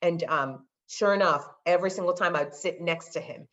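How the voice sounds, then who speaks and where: A woman's voice: on the low side, normal speed, muffled recording. A woman guest in a casual chat, telling stories with acted-out dialogue and dropping into Spanglish. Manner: animated storyteller, slips into Spanglish; acts out quoted dialogue. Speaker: podcast guest.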